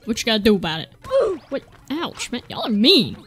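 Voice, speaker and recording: A woman gaming on a channel, her voice bright and sharp, swinging widely up and down as she grumbles and swears at the characters on screen. Faint music plays underneath. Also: on the high side, big pitch swings, quick pace. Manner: exasperated, profane, talks back at game characters. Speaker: let's play gamer. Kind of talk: gameplay commentary.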